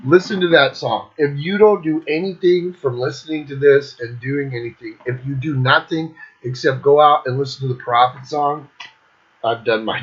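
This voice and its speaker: A man with a medium-pitched, fairly bright yet husky voice hosts his own music show, ranking albums in a casual monologue. He's blunt and enthusiastic and swears constantly. The recording sounds dull and lo-fi.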